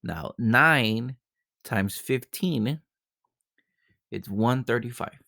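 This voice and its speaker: A man's voice: mid-range voice, very slow, vocal fry, bright, forceful tone, no echo, clean studio sound. A male math teacher working through geometry problems step by step, often repeating himself and checking in with "right?". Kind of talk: recorded math lesson.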